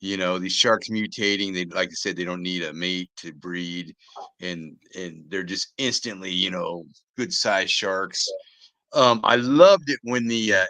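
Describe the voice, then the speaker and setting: A man's voice: deep voice, pushed and bright, dry recording. A man co-hosting a podcast, giving a blunt, rambling, laid-back movie review. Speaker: podcast co-host. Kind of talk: casual movie review chat.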